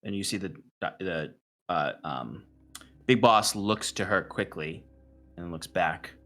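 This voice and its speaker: A man narrating and running a tabletop game as game master, in a relaxed, halting way. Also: low voice, soft background music.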